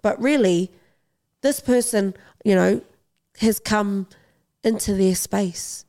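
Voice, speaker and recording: Urgent, gravelly-voiced woman guest. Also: mid-range voice, slow pace, mellow. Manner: earnest, urgent, repeats phrases for emphasis. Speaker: interview guest, boxing champion. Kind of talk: podcast interview.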